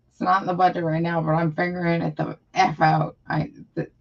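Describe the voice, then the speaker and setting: A woman's voice: on the low side, gravelly, highs cut off. A woman chatting casually on her live stream, rambling and frustrated, with lots of fillers.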